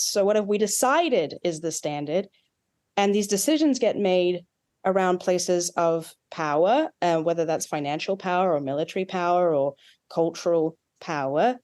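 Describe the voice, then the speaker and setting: Her voice sits fairly low with a darkish tone. She's an Australian-accented dialect coach being interviewed as an expert, giving long explanations peppered with asides and examples.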